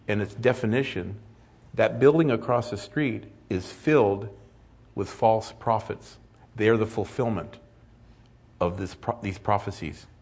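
An older male pastor delivers a relaxed, conversational sermon, with joking asides along the way. His voice sits on the low side and has a husky edge.

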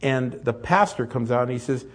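A man's voice: mid-range voice, moderate pace. A middle-aged man preaching a sermon as pastor, earnest and rising to emphatic peaks.

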